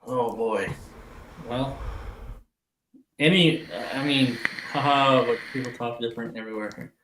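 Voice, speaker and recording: A man's voice: mid-range voice, measured pace, echoey room, noisy background. An older man with an Upper Midwest American accent from Wisconsin, rambling and swearing through a casual chat as a livestream co-host. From Wisconsin, USA. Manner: rambling, profane, laughs a lot.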